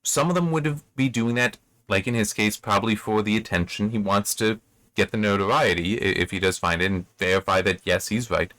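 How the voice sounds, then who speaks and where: A man with a low voice reads from a novel and breaks off into loose, rambling commentary, correcting himself as he goes. The sound is dry and close, with no room around it. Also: brisk, a bit bright, no room sound. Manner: rambling, self-correcting asides. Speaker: book reviewer. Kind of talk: reading aloud and commenting on a novel.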